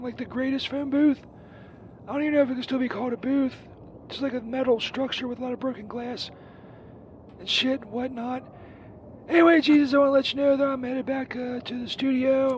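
A crude, hapless male wanderer played by a man leaves a rambling, foul-mouthed voicemail in a very high, thin voice. The phone line is dull and muffled. Faint traffic hums behind him. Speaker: recurring show character.

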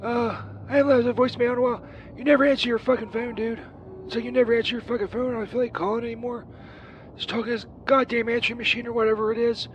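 A man's voice: very high voice, flat delivery, rapid-fire, lo-fi sound, a little hiss or hum. A man voicing a crude, burned-out Saint Peter who rambles profanely through a comedic voicemail. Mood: rambling. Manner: rambling, profane, distracted, lots of fillers.

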